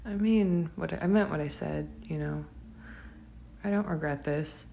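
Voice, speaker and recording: Low-voiced woman, whispered role-play. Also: unhurried, creaky, a little hiss or hum. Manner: gentle, tender, laughs softly often. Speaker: affectionate partner.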